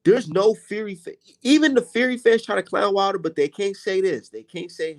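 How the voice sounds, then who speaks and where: A man's voice: high-pitched, normal speed, hardly any pauses. A young man hosting a heated, profane rant about boxing and reading viewer comments aloud. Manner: profane, blunt, exasperated. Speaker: boxing commentator and channel host.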